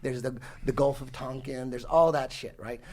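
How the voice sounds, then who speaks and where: A man's voice: mid-range voice, little pitch movement, normal speed, a little mellow, slight background noise. A man in his forties telling a long story in casual podcast talk, profane and rambling with many restarts. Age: 40s. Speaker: podcast guest. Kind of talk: casual conversation.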